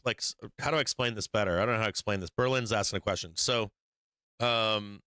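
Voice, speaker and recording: A man with a bright, crisp voice and a lowish pitch, riffing through live market commentary. He swears freely and rambles as he sketches charts on the fly. The sound is dry and close, with no room around it. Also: no echo. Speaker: stock market livestream host.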